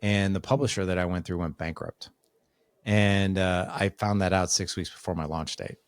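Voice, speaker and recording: Deep-voiced man telling a lively story. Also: normal speed, clear, resonant tone, no room sound. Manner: animated storyteller acting out quoted dialogue. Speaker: podcast guest, author. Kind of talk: casual storytelling in conversation.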